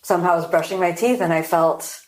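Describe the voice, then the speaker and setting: A woman hosting a podcast interview, a yoga teacher telling a story with animated asides and acted-out inner thoughts. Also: fairly low pitch, fairly quick, roomy sound. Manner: animated storytelling, acting out her own thoughts.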